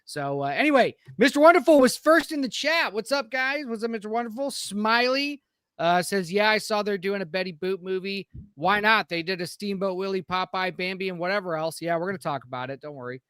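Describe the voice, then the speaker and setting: A casual American man with a fairly high voice chats on a live podcast stream. He rambles and greets viewers by name, and his voice sounds dry and close. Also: animated, brisk, fairly bright tone, smooth, no echo. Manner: rambling, reads out chat names. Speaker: podcast co-host.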